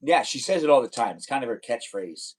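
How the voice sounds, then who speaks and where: A man's voice: medium pitch, animated, a little fast, husky. A young man hosting a livestream, chatting casually and playfully teasing viewers as he reads their comments aloud. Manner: rambling, playful teasing, talks straight to chat viewers. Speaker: livestream host.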